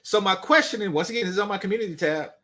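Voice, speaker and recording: A man's voice: sits high, racing, bright, forceful tone. A man hosting a dating commentary channel, talking casually with blunt, dismissive swearing.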